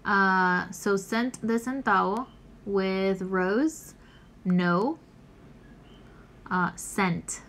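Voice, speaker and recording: Slow, patient woman teacher. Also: mid-range voice, fairly bright tone, slight background noise. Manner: slow, patient step-by-step explaining. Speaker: English teacher. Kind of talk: recorded class lesson.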